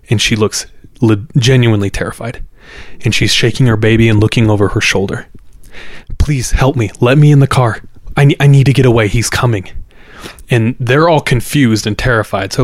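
Low-voiced man telling a spooky story. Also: no room sound, studio quality. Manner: builds suspense, acts out quoted voices. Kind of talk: casual storytelling.

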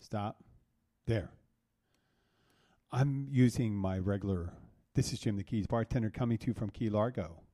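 A man's voice: fairly low pitch, moderate pace, pauses often, warm tone. A man hosting a solo podcast, telling a rambling story that restarts and corrects itself as he talks. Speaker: podcast host, bartender. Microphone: soundboard mic.

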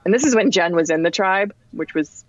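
A woman in her forties from New Jersey, a podcast guest telling a story in a chatty, animated way with fillers. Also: mid-range voice, brisk, no echo, muffled recording. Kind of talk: casual storytelling.

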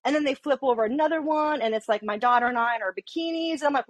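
A woman's voice: high voice, fast talker, hardly any pauses, no echo. A woman police officer telling a story in casual talk, swearing often and acting out both sides of the conversations. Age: adult with an underage daughter. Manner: profane, animated, acts out both sides of conversations.

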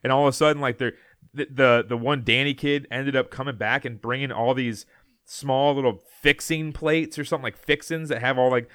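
A man's voice: mid-range voice, fairly even intonation, fairly quick, a bit bright, dry recording. A man co-hosting a podcast, telling a long story in a loose, rambling way, often laughing and restarting his sentences. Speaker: podcast co-host. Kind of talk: casual storytelling chat.

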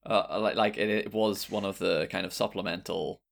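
A man narrating as game master of a tabletop game, unhurried and hesitant, with many fillers. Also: sits low, fairly even intonation, gravelly.

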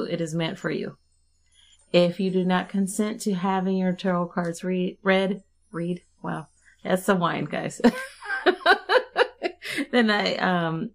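Chatty woman podcast host, slightly low voice. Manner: chatty, laughs often, relaxed and warm-hearted. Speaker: podcast host and tarot reader. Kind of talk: casual podcast chat.

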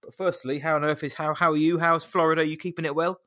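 A man's voice: a little high, little pitch movement, quick pace, bright, forceful tone. An English man co-hosting a film podcast, friendly and chatty with polite British turns of phrase. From England. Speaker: podcast co-host. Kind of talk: casual chat.

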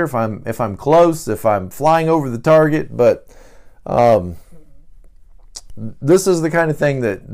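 A man hosting a podcast, explaining a personality type in a loose, conversational way, with many fillers and restarts. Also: medium pitch. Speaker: podcast host. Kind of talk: casual teaching talk.

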